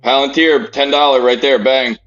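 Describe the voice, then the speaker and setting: A man's voice: mid-range voice, fairly even intonation, normal speed, a bit bright. A man co-hosting a live stock market stream, trading joking banter in casual chat. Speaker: stock market livestream co-host. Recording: dull lo-fi audio with faint music.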